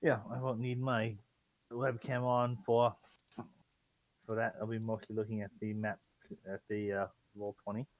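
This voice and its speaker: A man's voice: fairly low pitch, little pitch movement, a little slow, long pauses, dry recording, low-quality recording. A man acting as dungeon master on an online call, talking in a rambling, hesitant way with many fillers. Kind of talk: casual chat.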